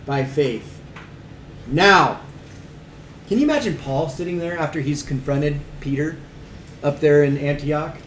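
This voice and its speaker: A man's voice: fairly high pitch, measured pace. A man leads a casual Bible study in a slightly raised voice, stressing key words and tossing questions to his listeners. The room rings with echo, and a faint hum sits behind him. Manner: emphatic, asks the group questions, reads verses aloud. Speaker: Bible teacher. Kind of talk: conversational Bible study teaching.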